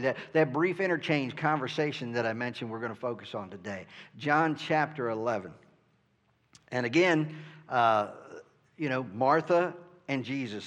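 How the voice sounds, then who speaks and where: A man's voice: mid-range voice, a bit bright. Earnest male preacher in echoing hall. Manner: earnest, asks "right?" often, stumbles over starts. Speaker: pastor. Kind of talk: sermon. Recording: long reverb from a hall.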